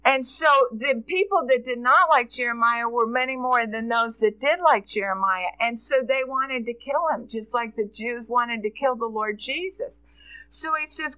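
A woman's voice: high-pitched, moderate pace, bright, forceful tone, smooth, no echo, poor audio. A middle-aged woman preaching a sermon, telling stories and quoting scripture with earnest feeling.

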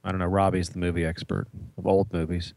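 A man's voice: sits low, little pitch movement, quick pace, creaky, darkish tone, dry recording. A man chatting casually as a co-host, teasing and making wry remarks. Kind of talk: casual chat.

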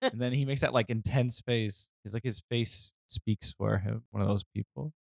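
A man's voice: mid-range voice, moderate pace, creaky, no echo, studio quality. A man co-hosting a podcast in casual, playful chat, laughing often. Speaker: podcast co-host.

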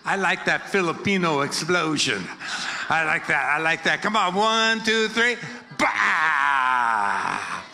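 At a moderate pace, this older American guest preacher's high voice rings bright and forceful through a church hall. He jokes and plays with the congregation, leading call-and-response chants in an energetic sermon.

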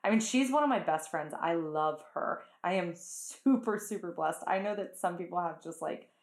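A woman hosting a casual chat, talking freely with lots of "like"s and quick laughs. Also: on the low side, reverberant. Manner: chatty, full of "like" and quick laughs.

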